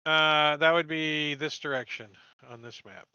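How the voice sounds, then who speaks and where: A male game master narrating a tabletop game in a bright, forward voice. He explains patiently and restarts his sentences often. The sound is dry and a little muffled. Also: on the high side, measured pace, clean tone, no room sound.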